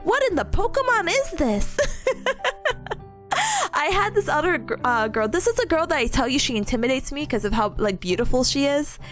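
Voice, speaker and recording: A young woman streamer chatting casually with her viewers, telling stories in a bubbly, giggly way and acting out excited quotes. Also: sits high, moderate pace, pauses often, soft background music.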